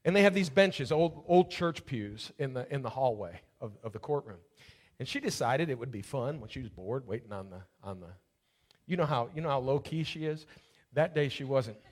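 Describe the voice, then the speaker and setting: A man's voice: mid-range voice, expressive, moderate pace. A man preaching a sermon, telling a personal story and building to fervent preaching. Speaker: pastor.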